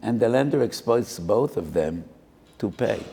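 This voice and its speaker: With a lowish, warm voice that is creaky, a little slow and breathy at the edges, an older rabbi gives a Torah lecture, his intonation lively. He tells a parable in sermon form, using Hebrew phrases and playing both roles in a dialogue. Long reverb fills the roomy hall.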